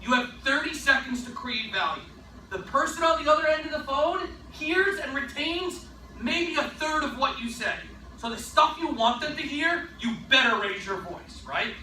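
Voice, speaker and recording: A man giving a sales training talk, energetic and emphatic, often tossing in a rhetorical "right?". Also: extremely high pitch, normal speed, reverberant, distant mic, slight background noise, low-quality recording.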